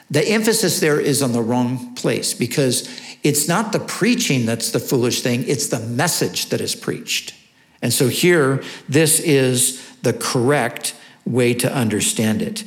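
Man preaching a sermon, slightly high voice. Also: animated, measured pace, gravelly. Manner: earnest teaching tone with rhetorical questions. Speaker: pastor. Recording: echoey room.

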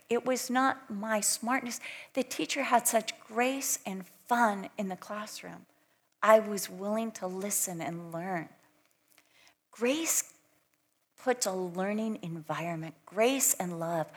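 Older woman preacher, expressive sermon delivery, voice sits a little high, acts out the lines she quotes. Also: measured pace, long pauses.

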